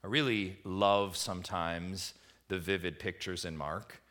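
Low-voiced pastor preaching with fervor. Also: male voice, fairly even intonation, measured pace. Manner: swings between hushed reflection and rising emphatic appeals; asks the congregation repeated rhetorical questions. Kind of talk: sermon.

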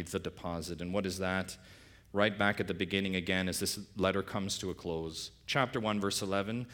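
A man's voice: low-pitched, a bit bright. A middle-aged male pastor preaching a sermon, asking rhetorical questions and swinging his voice up for emphasis.

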